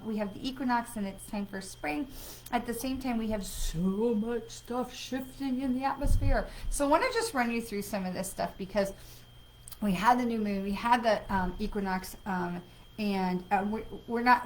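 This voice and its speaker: A woman's voice: a little high, slight background noise, rough recording. A woman hosting a livestream as a psychic medium, chatting casually and rambling with many fillers and restarts.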